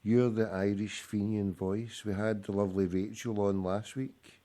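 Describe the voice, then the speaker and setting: A man's voice: lowish voice, little pitch movement, moderate pace, mellow. Blunt, sweary man hosting. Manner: swears constantly, teasing and blunt. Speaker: radio show host. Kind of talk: casual chat.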